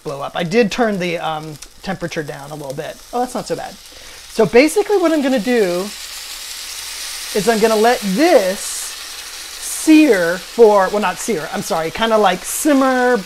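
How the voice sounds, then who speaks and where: A man's voice: sits high, animated, a little fast, slight background noise. A man in his late forties chatting enthusiastically as he hosts a cooking video at his stove, wandering into rambling asides. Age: late 40s. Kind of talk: casual cooking vlog chat. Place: home kitchen at the stove.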